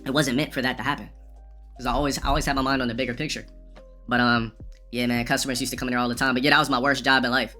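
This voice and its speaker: Fast-talking, profane male streamer. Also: mid-range voice, flat delivery, bright, forceful tone, faint music behind. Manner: rambling, profane, restarts often. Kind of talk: casual storytelling rant.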